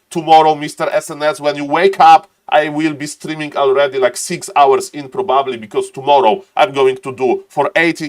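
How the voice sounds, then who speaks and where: An excitable man casts a strategy game live, with a somewhat high voice. He chats with viewers between plays and laughs often. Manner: excitable, laughs often, repeats "ladies and gentlemen". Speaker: game caster and streamer. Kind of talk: live esports commentary and chat reading.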